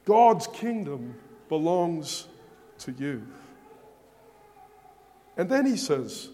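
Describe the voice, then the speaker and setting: A man gives a sermon in a large church, and his words ring out with a long reverberant tail. He speaks very slowly and deliberately, with a somewhat high voice. He leans on rhetorical questions and repeated phrases for emphasis. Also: very animated, mellow. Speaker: preacher.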